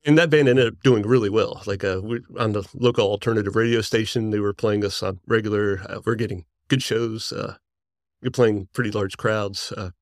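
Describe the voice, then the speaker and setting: A man in his forties, a musician guest, telling stories in a rambling, excited way and laughing often. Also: lowish voice, a little fast, dry recording, clean studio sound. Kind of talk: casual storytelling.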